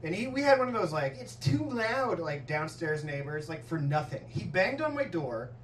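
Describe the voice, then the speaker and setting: High, animated male stand-up comic. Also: moderate pace, a little hiss or hum. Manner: profane, animated storytelling. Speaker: stand-up comedian. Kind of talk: stand-up set. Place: comedy club stage. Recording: echoey club, distant mic, audience laughter.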